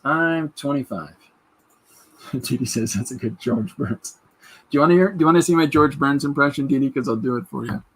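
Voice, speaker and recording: This podcast host, a man in his fifties from Canada, chats in a rambling way during a casual livestream and reads out comments from viewers. He has a slightly rough, mid-range voice.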